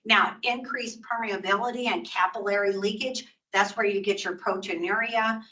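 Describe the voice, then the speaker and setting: An older woman gives a nursing lecture in a chatty, teacherly way and now and then acts out a patient's words. Her voice is bright and clear. She sits some distance from the microphone. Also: mid-range voice, steady tone, normal speed. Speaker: nursing educator. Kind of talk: recorded continuing-education lecture.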